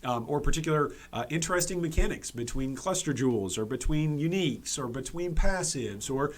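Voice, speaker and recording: A man's voice: a little high, lively intonation, fairly quick. Emphatic man hosting gaming commentary. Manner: emphatic, repeats points for stress; frequent restarts and fillers. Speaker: gaming video host. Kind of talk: opinion commentary video.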